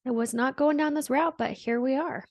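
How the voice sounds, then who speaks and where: In a high-pitched, creaky voice with no echo around it, a podcast host muses through a casual spiritual monologue. She meanders and reflects, speaking softly and filling her talk with frequent "like"s.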